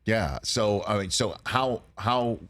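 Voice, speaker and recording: A man's voice: on the low side, slow pace, fairly bright tone. A man hosting a talk show from a studio, chatting with a guest in a wry, joking way. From Staten Island, New York. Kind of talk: casual interview chat.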